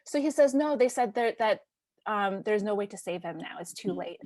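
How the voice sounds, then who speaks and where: Telling a personal story, this Canadian podcast host is casual and halting, using many fillers and restarts and at times a hushed near-whisper. Her medium-pitched voice is expressive, and the studio-quality audio has no room sound.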